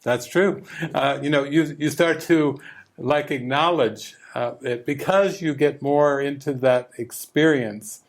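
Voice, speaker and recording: A man teaches a retreat group over a video call in a mid-pitched, gentle voice. He speaks unhurriedly and often repeats a word as he finds his thought. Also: a little slow. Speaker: spiritual teacher leading a retreat. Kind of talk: calm spiritual teaching.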